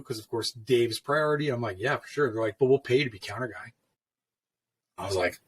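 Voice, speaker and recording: His voice sits mid-range, brisk, with a breathy edge. As a middle-aged tattoo artist, he loosely tells shop tales in casual conversation, cursing without hesitation and acting out the quotes of people he dealt with.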